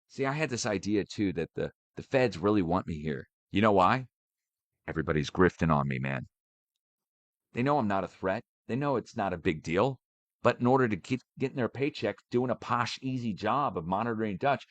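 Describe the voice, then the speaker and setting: Middle-aged man, rambling rant, sarcastic, swearing, animated pitch, dry close sound. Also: dry recording. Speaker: online channel host.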